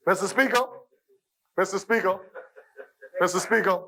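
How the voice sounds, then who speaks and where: A man's voice: high voice, fairly even intonation, normal speed, pauses often, sharp tone, low-quality recording. A man with a Bahamian accent giving an emphatic parliamentary debate speech in a parliament chamber, repeating phrases for stress. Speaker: member of parliament.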